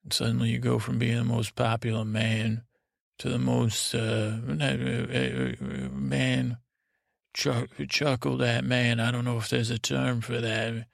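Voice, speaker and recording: A man telling a meandering, improvised bedtime story in a halting way, with many restarts and trailing asides. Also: dry recording, studio quality. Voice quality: gravelly, low-key drone. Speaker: sleep podcast host.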